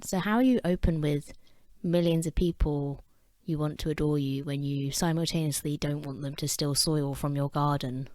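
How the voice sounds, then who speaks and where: A woman's voice: low voice, darkish tone, no echo. A woman with an English accent hosting a podcast, talking in a casual monologue full of wry, self-mocking asides. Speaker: podcast host.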